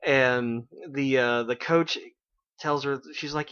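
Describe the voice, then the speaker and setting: A man's voice: medium pitch, fairly even intonation, slow pace, fairly bright tone, clean tone. A man hosting a casual internet radio show, retelling an anime episode with lots of "like" and "you know". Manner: chatty retelling with many fillers. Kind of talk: casual anime recap chat. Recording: dull lo-fi internet radio stream.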